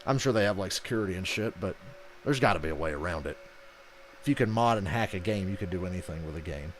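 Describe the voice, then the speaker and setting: Profane, animated male streamer. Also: low voice, fast, slight background noise. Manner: animated, profane, does mocking voices when quoting people. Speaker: streamer hosting a live race reaction. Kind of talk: casual live-stream chat.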